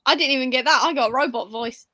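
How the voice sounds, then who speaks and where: High-voiced woman chatting on a call. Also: fast talker, pushed and bright, no room sound. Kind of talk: casual video call chat. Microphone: video call.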